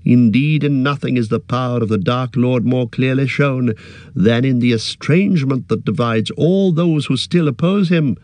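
Guy doing a stern elf captain, formal, a bit higher than his own voice, dry. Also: a little mellow, no echo, lightly acted. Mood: solemn. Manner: formal, measured. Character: stern noble male elf guard leader.

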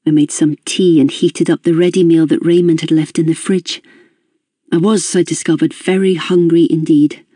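Audiobook narrator, first-person novel, measured pace, dark mellow tone, dry close sound. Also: medium pitch, little pitch movement, slightly rough, no echo. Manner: measured, introspective reading.

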